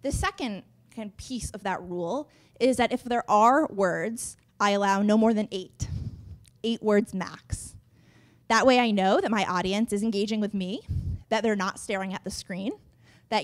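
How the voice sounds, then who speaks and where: A young woman giving a lively, chatty workshop talk on public speaking to a room, laughing between points. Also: mid-range voice, moderate pace. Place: conference room.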